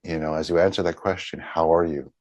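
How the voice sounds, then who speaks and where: A man leading a group healing session over a video call, talking gently and haltingly with many pauses. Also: sits low, fairly even intonation, dry recording, lo-fi sound.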